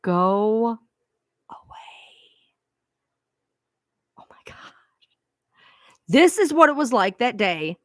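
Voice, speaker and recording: A woman's voice: on the high side, big pitch swings, slow pace, long pauses, dry recording, clean studio sound. A woman hosting her own live stream, venting to viewers in a frustrated, profane rant. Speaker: livestream host.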